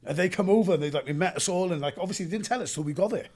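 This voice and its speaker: A young adult Welsh man, an actor telling animated stories in a casual interview and acting out gunfire with sound effects. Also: high voice, rapid-fire. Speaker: actor guest.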